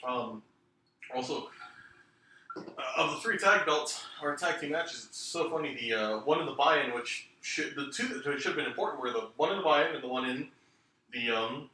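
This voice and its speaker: A rambling, self-deprecating man swears his way through a casual wrestling chat. His voice is bright, and it sits well back from the mic in a strongly echoing room with faint noise. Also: medium pitch, normal speed, recorded from a distance. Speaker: podcast co-host.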